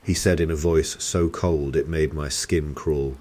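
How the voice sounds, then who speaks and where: A man narrating a first-person horror story in a steady, tense storytelling manner. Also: very deep voice, a little slow, few pauses.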